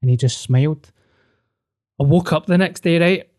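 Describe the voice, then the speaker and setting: A man's voice: on the high side, normal speed. Sweary young man telling a story. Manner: sweary, animated, with frequent restarts. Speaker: podcast host. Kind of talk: casual storytelling.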